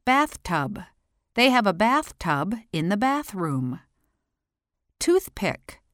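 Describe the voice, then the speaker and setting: A woman teaching pronunciation, reading single words and then short example sentences with careful, deliberate enunciation. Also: medium pitch, sing-song, dry recording, studio quality. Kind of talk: slow pronunciation drill, word then sentence.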